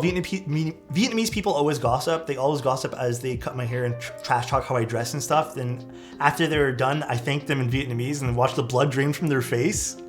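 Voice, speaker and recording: A man streaming live, chatting casually and telling a story in a loose, profane, animated way. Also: fairly high pitch. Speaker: streamer building keyboards. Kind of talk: casual livestream chat and storytelling.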